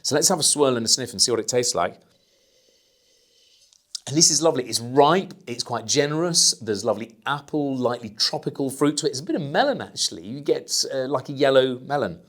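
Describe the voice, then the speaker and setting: A man's voice: mid-range voice, lively intonation, a little fast, fairly bright tone. A man presenting and tasting wines as a sommelier, talking in a chatty, enthusiastic way and savoring his words. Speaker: sommelier presenting weekly wine picks. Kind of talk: casual wine tasting talk.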